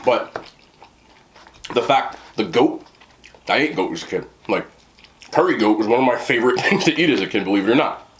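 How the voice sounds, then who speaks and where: A man's voice: medium pitch, animated, moderate pace, long pauses, a little hiss or hum. An American man in casual storytelling to the camera, talking in a rambling way with many fillers and restarts. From United States. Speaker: food vlogger.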